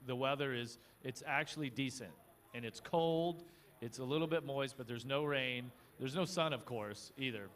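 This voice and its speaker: A man's voice: mid-range voice, normal speed, a bit bright. Easygoing man co-hosting outdoors. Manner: easygoing, teasing, many fillers. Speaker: co-host. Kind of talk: live paddock broadcast chat. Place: outdoor motocross paddock.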